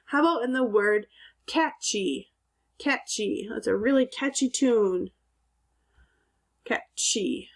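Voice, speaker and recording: Slow, patient woman teaching phonics. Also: a little high. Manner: slow, clear teacher talk, stretches out sounds, asks and answers own questions. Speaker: second grade teacher. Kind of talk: recorded phonics lesson.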